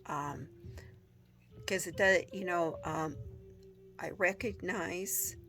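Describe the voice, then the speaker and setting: A woman talking casually to her viewers, rambling with many pauses and filler words, dropping into soft whispers now and then. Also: fairly low pitch, fairly even intonation, soft background music. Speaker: vlogger. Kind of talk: casual talk to camera.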